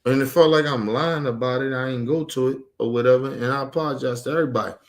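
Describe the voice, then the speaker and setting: A man's voice: medium pitch, fast talker. A man ranting heatedly about his family, angry, emphatic and full of profanity. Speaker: streamer. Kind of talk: heated personal rant.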